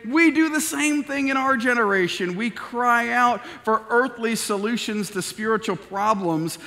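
High-voiced preacher guy, bright and punchy, big church reverb, lilt, casual then fired up. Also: a little slow, few pauses. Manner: prays softly, then preaches with rising force. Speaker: pastor. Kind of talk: sermon. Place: church sanctuary.

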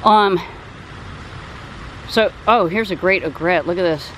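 A middle-aged woman talking casually to her phone camera while walking through a park by a pond, chatty and excitable, with many asides. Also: slow pace, low-quality recording. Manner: chatty, excitable, rambling, with high sing-song baby talk to her parrot. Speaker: vlogger. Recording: faint outdoor noise.

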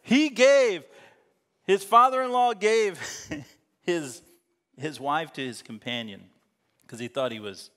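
Pastor, casual and jokey, slightly high voice, long church reverb. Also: male voice, slow, long pauses, a bit bright. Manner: joking, laughing asides while reading scripture. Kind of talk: sermon. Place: church sanctuary.

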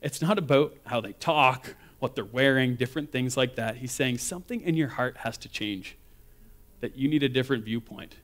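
A man giving a sermon as a guest speaker, telling stories in a casual, animated way and acting out quotes. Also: medium pitch, normal speed.

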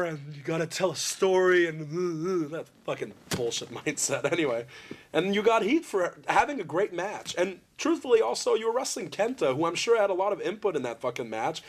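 A man's voice: fairly high pitch, a little hiss or hum. A man interviewing a friend, telling long rambling stories bluntly and swearing freely. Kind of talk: candid interview conversation.

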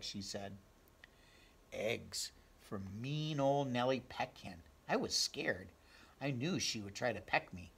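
A man reading a children's picture book aloud, counting slowly and asking the listeners questions. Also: mid-range voice, lively intonation, a bit bright. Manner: clears throat, asks listeners direct questions, counts slowly. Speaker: storybook reader.

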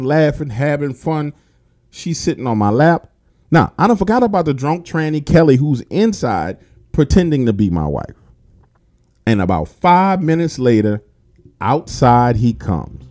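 Lively dark-voiced man telling a story. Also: fairly high pitch, normal speed, soft background music. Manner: animated, profane, talks straight to listeners. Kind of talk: casual first-person storytelling.

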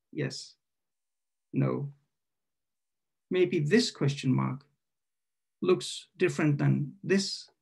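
A man reading his own poem at an online poetry event. He hesitates and corrects himself while introducing it, then reads in a measured, questioning way. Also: on the high side, creaky, a little mellow, slightly rough. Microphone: video call.

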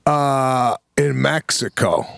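A middle-aged man co-hosting a podcast, telling a story in casual chat with slow, drawn-out pauses. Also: medium pitch, expressive, gravelly, fairly bright tone, no echo, studio quality. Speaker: podcast co-host.

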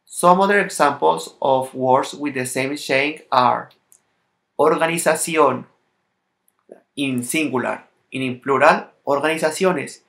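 Slow, bright-voiced man teaching a lesson. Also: mid-range voice, vocal fry. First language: Spanish. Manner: slow, careful, non-native English, reading out word lists. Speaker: Spanish teacher. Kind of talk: recorded language lesson.

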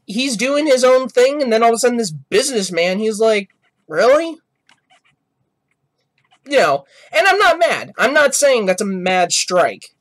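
A man's voice: very high-pitched, big pitch swings, normal speed, few pauses, fairly bright tone. A man hosting a gaming channel, giving rambling, apologetic reaction commentary. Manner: rambling, apologetic, self-correcting.

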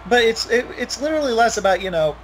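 A man's voice: very high-pitched, expressive, quick pace, fairly bright tone, slight background noise. A young man commentating a wrestling video game in a rambling, opinionated, profane way.

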